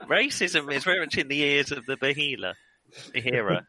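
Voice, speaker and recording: A man's voice: mid-range voice, very animated, a little fast, pushed and bright, poor audio. A man chatting as a player in a tabletop game, wry and jokey. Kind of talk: casual tabletop game chat.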